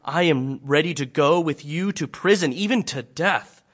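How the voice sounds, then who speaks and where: A man's voice: on the high side, normal speed, natural voice. A man preaching a sermon voices the disciple Peter as earnest and impulsive, with emphatic delivery. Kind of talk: dramatic scripture reading in a sermon.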